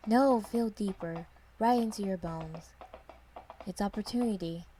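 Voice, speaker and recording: A woman's voice: medium pitch, unhurried, warm tone, distant mic, a little hiss or hum, lightly acted. Woman playing a boastful showman jester. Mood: grandiose. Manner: grandiose, theatrical. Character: eager showy male jester, boastful.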